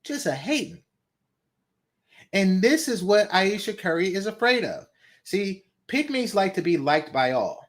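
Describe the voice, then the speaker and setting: A man from the San Francisco Bay Area hosts a reaction video, laughing at and mocking a clip while swearing often. His voice is high-pitched with big swings in pitch, and he speaks at a measured pace.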